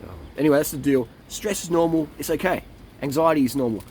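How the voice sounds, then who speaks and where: A man's voice: fairly high pitch, fast, darkish tone, a little hiss or hum. A man who talks in a blunt, profane and rambling way to camera as a cycling coach and vlogger, and often drops into mocking impressions of other people. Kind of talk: casual monologue to camera.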